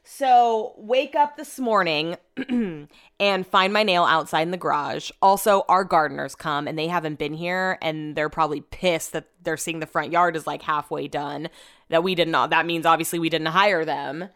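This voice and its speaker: Chatty woman, smooth voice. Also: sits low, moderate pace, a bit bright. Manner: chatty, heavy use of "like", swears freely. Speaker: storyteller. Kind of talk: casual storytelling.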